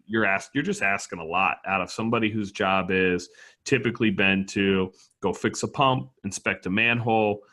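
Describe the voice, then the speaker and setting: A man's voice: fairly low pitch, normal speed, bright, forceful tone. A man co-hosting a podcast who chats casually and tells wry anecdotes. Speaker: podcast co-host. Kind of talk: casual conversational chat.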